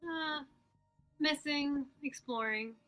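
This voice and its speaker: A woman's voice: sits high, slow pace, sharp tone, rough recording. Offhand young woman playing a character. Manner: offhand, shrugging, laughs easily. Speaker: player. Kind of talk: casual game play chat.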